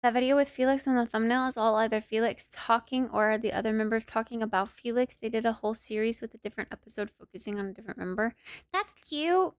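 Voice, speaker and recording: A young woman livestreamer chatting casually with her viewers from her apartment, playful and cutesy, drowsy and relaxed. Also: on the high side, quick pace, clean tone, no room sound, clean studio sound. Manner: cutesy, playful baby talk. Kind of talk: casual chat with stream viewers.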